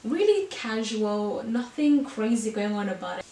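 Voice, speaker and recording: A woman fashion vlogger chats casually as she tries on clothes for a haul, bubbly, giggly and a bit breathless. Her voice is on the high side with a dark tone, very animated yet measured in pace, captured at a distance in an echoey room.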